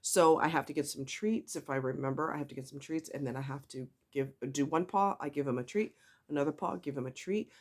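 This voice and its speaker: A woman's voice: sits low, fairly quick. A woman giving blunt, emphatic, no-nonsense advice about owning a dog in a casual vlog, with the odd mild swear word.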